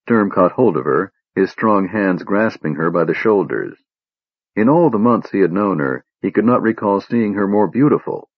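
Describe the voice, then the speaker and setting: A man narrating a fantasy audiobook with animated storytelling. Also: low-pitched, moderate pace, no echo. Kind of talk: scripted narration. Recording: dull dry lo-fi recording.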